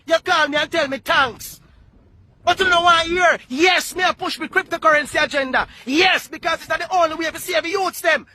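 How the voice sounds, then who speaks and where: A man with a Jamaican accent delivering an impassioned political rant, often shouting and repeating words for emphasis. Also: very high-pitched. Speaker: political activist.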